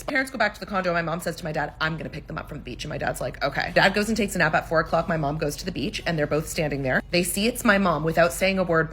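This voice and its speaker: A young woman telling a gossipy story in a casual, animated way, swearing freely. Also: on the low side, slightly rough.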